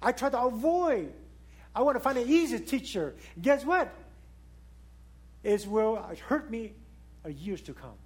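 A husky-voiced man preaching in non-native English. He keeps asking the listeners questions, climbing to loud high points and then falling back to soft, low remarks. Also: sing-song, a little slow, long pauses. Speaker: pastor. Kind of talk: sermon.

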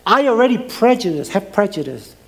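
A man in middle age delivers a sermon from the pulpit. His voice sits high and swings widely, climbing for emphasis and dropping low at the ends of phrases. His phrasing carries non-native grammar. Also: brisk, vocal fry. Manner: preaching with lively rises and drops, non-native grammar. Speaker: pastor.

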